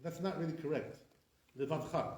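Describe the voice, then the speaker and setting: Teaching pronunciation to a class, this rabbi keeps correcting and repeating words and asks rhetorical questions. He speaks at normal speed in an expressive, slightly high man's voice, and the space carries a noticeable echo.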